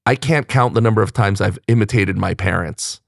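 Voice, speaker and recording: A man hosting a podcast in casual chat, animated and quick to laugh, often jumping up high for emphasis. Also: gravelly, dry recording, studio quality. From United States. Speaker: podcast host. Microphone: studio mic.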